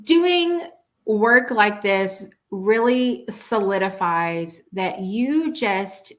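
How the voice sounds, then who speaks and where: A woman's voice: mid-range voice, animated, very slow, fairly bright tone. Earnest woman telling a story as a talk show host. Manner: earnest storytelling with many restarts. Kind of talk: morning talk show monologue.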